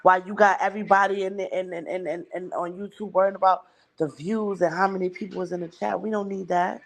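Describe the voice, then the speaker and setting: A woman's voice: on the low side, steady tone, a little fast, creaky. A woman hosting a livestream, talking bluntly and emphatically and swearing heavily. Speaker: livestream host. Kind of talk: casual chat.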